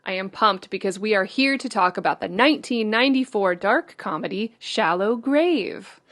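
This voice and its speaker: Woman host, mid-pitched, dry close sound, playful and teasing. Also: expressive, normal speed, fairly bright tone, no echo. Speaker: podcast host. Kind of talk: casual film podcast chat.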